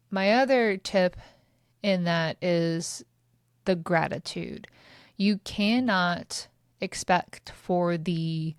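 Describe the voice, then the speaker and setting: Woman podcast host in her thirties, frank and chatty, fairly low voice, dry close sound. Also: dry recording. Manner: candid and chatty, with swearing and laughter. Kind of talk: casual solo podcast talk.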